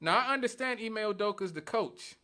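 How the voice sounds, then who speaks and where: A man's voice: sits high, expressive, a little fast, pushed and bright. A male radio talk show host giving an emphatic, argumentative monologue, repeating points for stress. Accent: Northwest Indiana.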